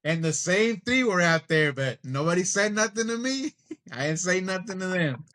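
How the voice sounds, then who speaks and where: Brief: middle-aged guy, slightly raised pitch, ranting profanely in casual chat. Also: moderate pace. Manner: animated, profane ranting storyteller. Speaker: podcast co-host.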